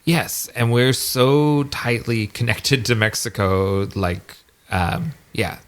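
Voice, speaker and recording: A man's voice: mid-range voice, steady tone, slow pace. A man co-hosting a podcast in casual chat, agreeing often and adding short remarks. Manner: agreeable, frequent backchannel remarks. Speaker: podcast co-host.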